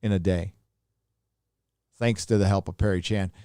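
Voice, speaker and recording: A man's voice: low voice, fairly even intonation, moderate pace, warm tone, smooth, no room sound, clean studio sound. A middle-aged man from Southern California hosting a casual livestream, reading viewer donations aloud in a rambling, laid-back way with lots of fillers.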